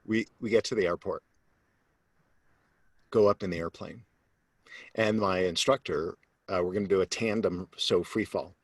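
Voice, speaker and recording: A man, a sales coach, telling a personal story as an interview guest, animated and acting out the voices of the people in it, then turning low and earnest to make his point. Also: normal speed, pauses often, husky, dry recording. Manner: animated storyteller who acts out quoted voices; drops to a low, earnest tone when making a point.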